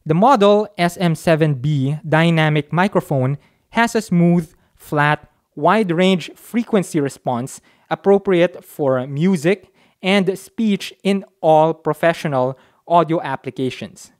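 A microphone reviewer talks close into a dynamic studio mic at his home setup for a casual mic test demo. His voice is a little high and his pace a little slow, and he stays chatty and offhand, dropping self-mocking jokes as he goes.

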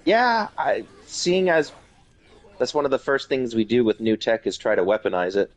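A man's voice: medium pitch, moderate pace, dry recording. A man streaming a horror game, chatting casually and telling stories between moments. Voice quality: chatty, storytelling asides. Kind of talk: casual chat while gaming.

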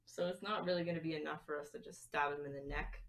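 A woman's voice: sits low, steady tone, fast, a bit bright. A woman playing in a tabletop game who speaks hesitantly and thinks aloud. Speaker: player. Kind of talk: casual tabletop play. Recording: voice away from the mic.

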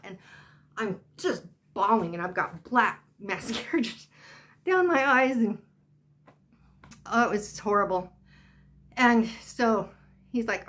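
A woman's voice: fairly high pitch, lively intonation, slow pace, pauses often, fairly bright tone. An older woman vlogging, telling a personal story in a chatty, rambling way full of asides.

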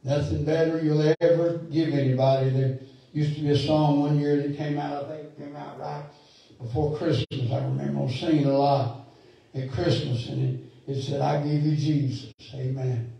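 A man's voice: fairly high pitch, level tone, moderate pace, creaky, warm tone. A man preaching a sermon as pastor, fervent and building to emphatic calls, recorded in a church sanctuary. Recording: echoey church hall, mic far off.

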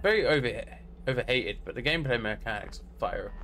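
A man's voice: medium pitch, lively intonation, brisk, fairly bright tone, faint music behind. An English man casually commenting on a game for his live chat, humming idle tunes between remarks. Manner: hums idle tunes while playing, talks to chat casually. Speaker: game streamer.

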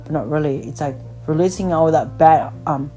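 A deep-voiced woman hosts a podcast, rambling through a blunt, casual phone chat and swearing freely. She speaks at a normal speed with a dark tone, and faint music plays behind her.

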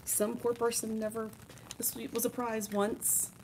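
A woman's voice: on the high side, little pitch movement, unhurried, darkish tone, slight background noise. A woman hosting a live art supply show, chatting and showing off products with enthusiasm while joking with her co-hosts. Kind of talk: casual live-stream product showcase.

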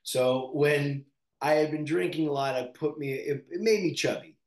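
A man from Canada, an actor, speaking candidly in an interview in a reflective, halting way with many fillers and restarts. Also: a little high, darkish tone, echoey room.

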